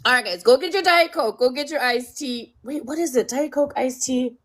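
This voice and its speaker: A woman's voice: high voice, normal speed, fairly bright tone. A woman hosting a casual livestream, blunt and sweary, scolding her chat and joking around. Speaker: livestream host.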